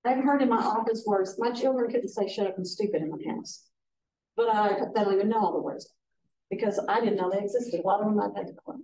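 A woman's voice: medium pitch, quick pace, dark tone, a little hiss or hum. An older woman, teaching a casual workshop for foster care advocates in a folksy way that acts out quotes in different voices. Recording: echoey room, voice from a distance.

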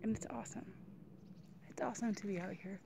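A woman speaks into her phone while hiking alone on a mountain trail, slightly out of breath. She talks slowly and earnestly and often sinks into a near-whisper. A steady hiss of outdoor noise sits under her voice. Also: medium pitch, gravelly. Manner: slow, heartfelt, often drops to a hushed whisper. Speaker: hiker vlogging alone. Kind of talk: reflective outdoor vlog.

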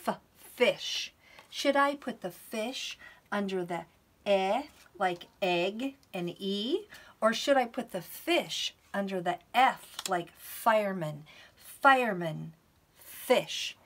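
A woman teaching a preschool lesson to camera, in a slow, sing-song, animated teacher voice. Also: medium pitch.

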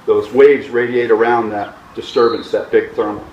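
A middle-aged man giving an outdoor hang gliding lesson, animated and mimicking instrument beeps. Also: normal speed, echoey room, muffled recording, slight background noise. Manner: animated, imitates vario beeps with rising pitch. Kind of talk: outdoor flying lesson talk. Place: outdoors at a mountain flying site.

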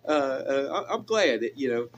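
A man's voice: medium pitch, very animated, moderate pace, dull audio, a little hiss or hum. A man hosting a radio show, chatting casually with a caller in a Southern hill-country accent, rambling with many restarts. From American South. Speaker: radio host. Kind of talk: casual on-air chat with a caller.

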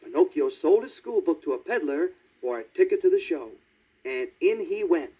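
Lively man reading a children's storybook. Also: on the high side, moderate pace, breathy edge. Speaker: storybook reader. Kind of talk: read-along storybook narration. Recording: tinny 1950s vinyl record.

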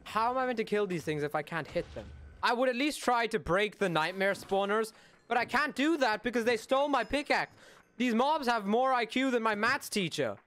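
A young man in his late teens giving casual gameplay commentary, swearing a lot and swinging between loud outbursts and mumbled asides. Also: extremely high pitch, lively intonation, normal speed. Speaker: gaming YouTuber.

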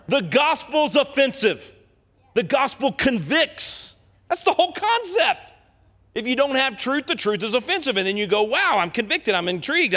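A man preaching an impassioned sermon in a church, swinging from quiet asides to loud declarations. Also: very high voice, in a large hall. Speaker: guest speaker. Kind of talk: fiery sermon. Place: church sanctuary.

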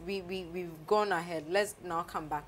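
A woman hosting a casual interview, upbeat and quick to exclaim, stacking up her questions. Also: fairly low pitch, steady tone, slight background noise. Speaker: show host interviewing a rapper.

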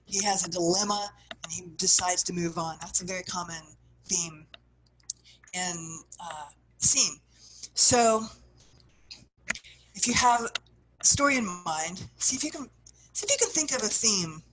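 A woman teaching a writing workshop, guiding her listeners through exercises and acting out the feelings she describes, with phrases that often trail off softly. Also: fairly low pitch, unhurried, long pauses, noisy background. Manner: expressive, acts out what she describes, soft trailing phrases. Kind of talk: guided workshop instruction.

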